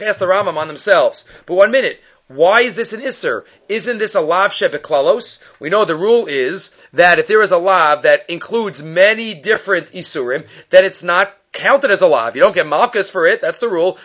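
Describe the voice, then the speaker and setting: A man teaches a Talmud study lesson in a high, bright-pitched voice. He moves quickly from question to answer and weaves Hebrew and Aramaic terms into his English. The recording sounds dull and lo-fi. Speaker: Torah teacher.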